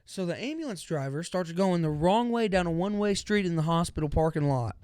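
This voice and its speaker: A young man on a podcast, casually telling a story and slipping into the voices of its characters. His voice sits a little high. The sound is dry and close, with no room around it. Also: a little fast, clean tone, dry recording. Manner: animated storyteller acting out quotes. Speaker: podcast co-host.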